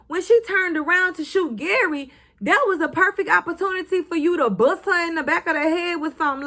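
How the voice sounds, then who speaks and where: A woman's voice: extremely high pitch, brisk, sharp tone. A young woman recapping a TV episode in a casual, sassy, blunt way, swearing and talking back to the characters. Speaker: recap vlogger.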